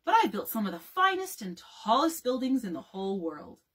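A woman's voice: medium pitch, big pitch swings, brisk, fairly bright tone, husky. Woman doing a boastful family father. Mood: deflated. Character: confident, showy father of a big family.

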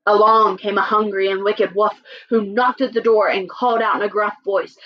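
A woman teacher giving a lesson and reading a story aloud, animated and often checking in with her listeners. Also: medium pitch, normal speed, few pauses, lo-fi sound. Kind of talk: classroom lesson and read-aloud.

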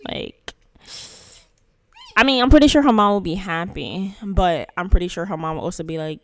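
A woman's voice: lowish voice, normal speed, dry recording. A woman giving casual, chatty gameplay commentary to her channel's viewers, playful and slangy in her asides. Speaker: gaming channel host.

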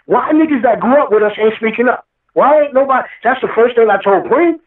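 The speaker is a man with an extremely high-pitched voice, a rapper guest talking fairly quickly in a fervent, preachy interview. He quotes scripture and repeats himself for emphasis, and the sound comes through an echoey, faraway phone connection.

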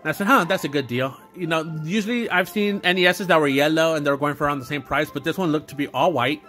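A man's voice: on the high side, steady tone, fast talker, a bit bright, soft background music. A young man talking off the cuff in a casual vlog, rambling with lots of fillers and restarts. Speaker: YouTuber doing an unboxing video. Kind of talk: unscripted casual vlog talk.

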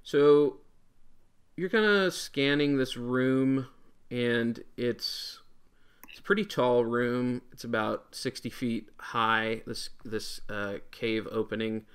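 A man running a tabletop game as dungeon master, talking haltingly with many filler words. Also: mid-range voice, clear, resonant tone.

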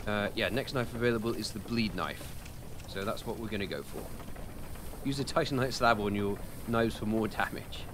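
Low-voiced British streamer chatting casually. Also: male voice, normal speed, noisy background. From United Kingdom. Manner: rambling, self-deprecating, answers chat questions with many fillers. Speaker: gaming streamer. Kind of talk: casual live-stream commentary while playing.

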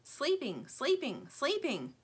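A woman's voice: high voice, wildly swooping pitch, takes it slowly, pitched above the performer's own voice, heavily acted. A woman voicing a grumpy, sleepy towel in a linen closet, drowsy and irritated.

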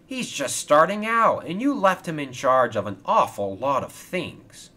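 A man's voice: a little high, very animated, measured pace, sharp tone, voice pushed up, full character voice. A man voicing a grumpy old male steam engine in a toy train storybook video, dry and blunt.

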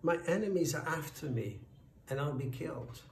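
A man's voice: on the high side, big pitch swings, measured pace, vocal fry, pitched above the performer's own voice, exaggerated voice. A man voicing a cunning, hungry male serpent who pleads and then boldly demands, in a storybook tale. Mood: pleading. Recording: roomy, distant, faint noise.

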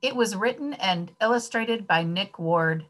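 A woman reading a children's picture book aloud, expressive and addressing the children. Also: medium pitch, a little slow. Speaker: story reader.

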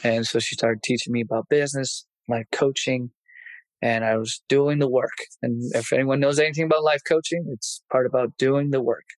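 A man in his thirties speaks candidly as a podcast guest, reflective and open about his past. His voice sits at an ordinary middle pitch and he grows animated when retelling moments. The sound is dry and close with no room echo. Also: moderate pace. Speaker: martial arts instructor and guest. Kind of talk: casual podcast interview storytelling.

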